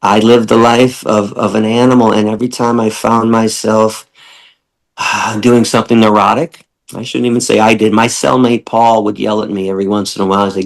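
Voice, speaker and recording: A middle-aged man telling a long story as a podcast guest, animated, often repeating words and acting out the people he quotes. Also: medium pitch, normal speed, vocal fry, rough recording.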